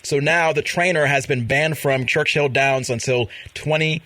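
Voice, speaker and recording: Reading out news and gossiping casually about celebrities, this podcast host laughs a lot from his studio in Vermont. His fairly high voice is steady, pushed, and bright at a normal speed, recorded with no echo.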